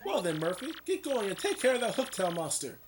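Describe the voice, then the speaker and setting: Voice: a little fast, natural voice. A man voicing a kindly old male turtle mayor in a video game, with game music behind. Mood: chatty. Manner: high, lively, rambling.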